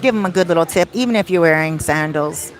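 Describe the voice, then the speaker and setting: A woman's voice: lowish voice, fast talker. A woman who works as a life coach, chatting casually and cheerfully in a live Q&A vlog from a lounge, laughing often.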